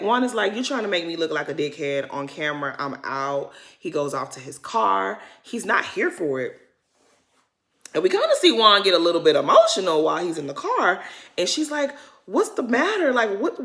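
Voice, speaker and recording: A woman's voice: medium pitch, a bit bright. A woman recapping a reality TV episode in loose, chatty talk full of "y'all". She sounds sassy and exasperated as she scolds the cast directly. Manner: sassy, exasperated, talks straight at the people on the show. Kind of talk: casual episode recap and commentary.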